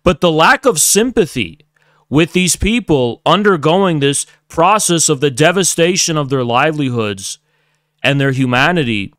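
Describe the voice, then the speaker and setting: A man streaming a heated political rant, cursing often and swinging between loud outbursts and quiet lecturing, on a close desk mic. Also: on the high side, lively intonation, normal speed, no room sound.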